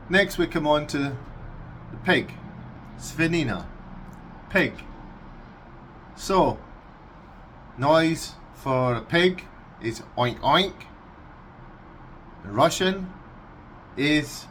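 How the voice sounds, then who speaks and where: A Scottish man vlogging casually, unhurried and amused, breaking into animal noises. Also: on the high side, big pitch swings, fairly bright tone, a little hiss or hum. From Scotland. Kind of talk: casual explainer vlog.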